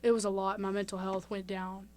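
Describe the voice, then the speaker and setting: A woman's voice: medium pitch, flat delivery, fairly quick, a little mellow. A young woman from Mississippi, a podcast guest telling a personal story candidly with lots of fillers. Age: young adult. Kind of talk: casual interview.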